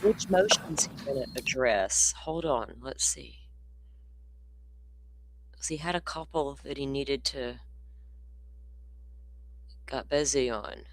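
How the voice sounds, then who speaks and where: A woman's voice: a bass voice, lively intonation, slow pace, long pauses, a little hiss or hum. A woman hosting a livestream, talking casually and with exasperation, ranting and laughing often. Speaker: livestream host commenting on a trial.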